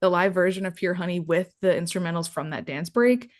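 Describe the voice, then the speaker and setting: A woman's voice: on the low side, brisk. A young woman co-hosting a pop music podcast, talking enthusiastically and gushing over songs. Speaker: podcast co-host. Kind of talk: casual chat.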